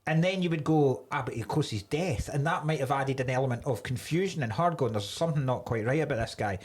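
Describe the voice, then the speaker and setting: A man co-hosting a comedy podcast, ranting in an animated way and swearing freely. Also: medium pitch, fast, slightly rough. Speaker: podcast co-host. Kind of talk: casual comedic chat.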